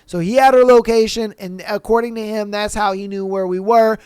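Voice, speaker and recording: A podcast host with a high, smooth, clear voice spins a rambling personal story in loose, profane slang. He keeps slipping into the other people's voices as he goes. The sound is dry and close, with no room around him. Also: steady tone, a little fast, darkish tone, dry recording. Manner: profane, rambling anecdote with quoted dialogue. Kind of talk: casual storytelling.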